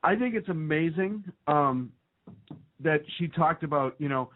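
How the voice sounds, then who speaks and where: A man's voice: on the high side, moderate pace. A man hosting a casual political talk show, sarcastic and fond of mimicking what others say. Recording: tinny phone-like line.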